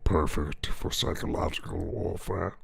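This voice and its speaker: A man voicing an ancient male cosmic swarm entity, speaking slowly and ominously with a deep, gravelly rasp. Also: steady tone, fairly bright tone, exaggerated voice. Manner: slow, measured, ominous.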